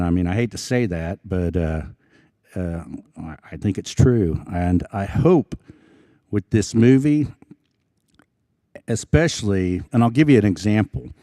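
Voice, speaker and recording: An Osage man from Oklahoma, a film actor speaking as an event guest, telling stories in a halting, earnest way with many restarts. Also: lowish voice, mellow, dry recording, studio quality. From Osage Nation, Oklahoma. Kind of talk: casual storytelling talk. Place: public evening event.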